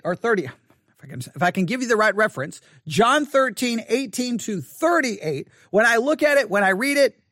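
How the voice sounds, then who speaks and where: High-voiced earnest male Bible study teacher. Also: a bit bright, no room sound, clean studio sound. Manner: repetitive, earnest, restarts and emphatic slow repeats.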